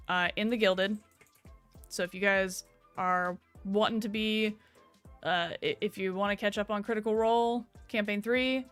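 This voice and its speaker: A woman's voice: mid-range voice, a bit bright. A young woman streamer chatting casually from home at her computer, rambling and swearing a little as she wraps up. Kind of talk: casual stream sign-off chat.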